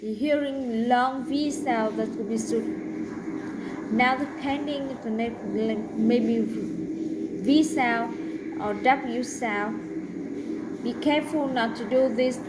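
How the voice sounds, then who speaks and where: A woman teaching a pronunciation lesson, saying each example word slowly and carefully. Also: a little high, very noisy. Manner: slow, deliberate, drawn-out example words.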